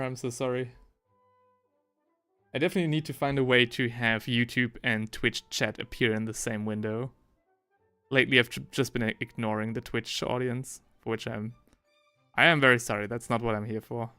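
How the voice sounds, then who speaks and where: A man's voice: mid-range voice, level tone, moderate pace, pushed and bright, smooth, faint music behind. A man hosting a casual live stream while painting miniatures, rambling and correcting himself as he reads the chat aloud. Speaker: livestream host painting miniatures. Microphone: headphones with desk mic.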